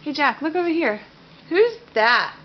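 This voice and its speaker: A woman with a high, lively voice swooping up and down as she coaxes and praises her toddler, in an unhurried sing-song manner. It sounds like a dull, lo-fi home video made at the breakfast table, with a faint hiss behind her. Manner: coaxing, praising, sing-song baby talk. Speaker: mother.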